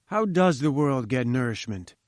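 A man's voice: mid-range voice, animated, moderate pace, a little mellow, no echo, clean studio sound, natural voice. A man voicing a pompous, patronizing older professor who lectures condescendingly in an audiobook reading. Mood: lecturing.

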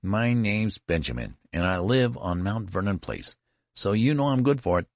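A man reading a story aloud, voicing a small, fierce, indignant boy general in a shrill, changing treble. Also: lively intonation, fairly quick, no echo, clean studio sound, natural voice. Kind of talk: audiobook character voice.

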